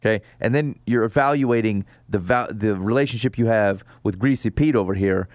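A man's voice: lowish voice, a little fast, darkish tone, no room sound. A man co-hosting an advice podcast, talking bluntly in a folksy, joking way. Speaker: co-host. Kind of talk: casual podcast advice chat.

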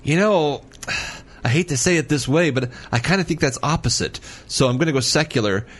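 A man's voice: a little high, brisk. A man playing along as a quiz panelist, stumbling through his guesses with repeated words. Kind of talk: casual quiz banter.

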